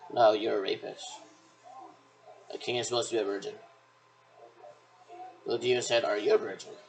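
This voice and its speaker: A man's voice: fairly low pitch, a little hiss or hum, rough recording. A man talking in a rambling, repetitive monologue that keeps circling back on itself with hesitant restarts.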